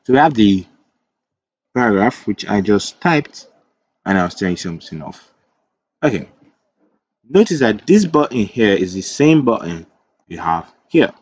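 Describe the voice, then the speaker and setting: A man's voice: fairly low pitch, sing-song, moderate pace, long pauses, darkish tone, husky, dry recording, muffled recording. A man teaching web development in a screen-recorded coding tutorial. He thinks aloud as he types, corrects himself, and drifts into chatty asides.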